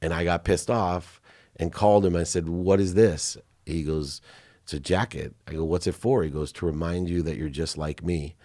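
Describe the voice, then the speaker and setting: A man's voice: deep voice, steady tone, normal speed, dark tone, no echo, studio quality. A middle-aged man, a podcast guest, telling candid personal stories with feeling, choking up at times.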